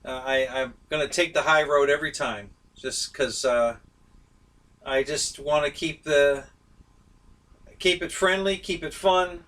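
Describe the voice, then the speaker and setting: Male live-stream host, bright voice, unhurried delivery, a little distant from the mic. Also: fairly high pitch, fairly even intonation. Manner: easygoing, laughs often, chats with viewers by name. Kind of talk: casual live-stream chat with viewers.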